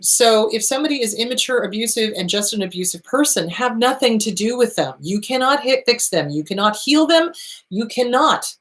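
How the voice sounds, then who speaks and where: A woman hosting an advice talk, answering viewer questions bluntly and emphatically, repeating her points and swearing freely, her voice starting to tire. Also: medium pitch.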